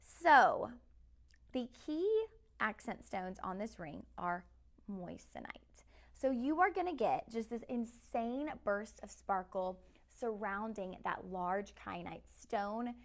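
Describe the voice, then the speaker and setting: A woman's voice: medium pitch, expressive, slow. A woman hosting a live TV shopping show, chatting directly to viewers in an upbeat way. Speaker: shopping channel host.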